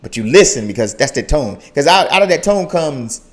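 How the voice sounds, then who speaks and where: A young man hosting a casual reaction video, talking in an animated way and repeating phrases for emphasis. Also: on the high side, a little fast. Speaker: YouTube reaction host.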